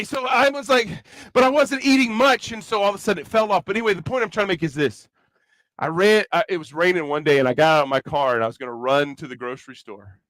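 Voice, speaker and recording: A man with a Kentucky accent preaches to young people in a high, bright voice, mixing jokes into the sermon. The sound is dry and close, with no room echo. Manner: chatty, joking, animated preaching. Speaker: youth rally speaker. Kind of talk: conversational sermon with comic asides.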